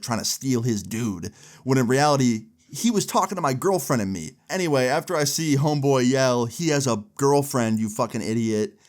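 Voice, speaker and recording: A young man casually telling a story, animated and swearing often, with lots of "like". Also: mid-range voice. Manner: animated, swears a lot, frequent "like".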